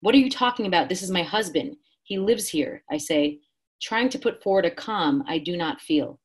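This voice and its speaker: Husky, low-voiced woman reading aloud. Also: animated, normal speed. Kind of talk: reading a first-person prose excerpt.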